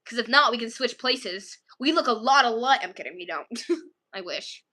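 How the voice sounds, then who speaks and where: Her voice is a little high, expressive and bright with a pushed quality, moving at a moderate pace as she casually chats with viewers. The woman's stories wander, heavy on filler words and broken up by frequent giggles.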